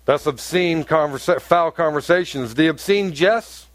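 Brief: male pastor, high voice, lively sermon delivery, dry close sound. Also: measured pace, no room sound. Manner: animated preaching, rising to emphatic peaks.

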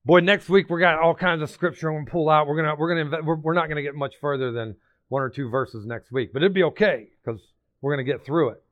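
A male pastor preaching a sermon, emphatic and excitable, repeating phrases and bursting into sudden shouts. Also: fairly high pitch, fast talker, phone-quality sound.

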